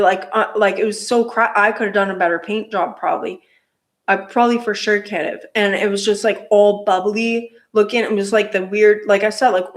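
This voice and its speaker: A woman telling a casual story about her motorcycle build, rambling with lots of fillers and restarts. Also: medium pitch.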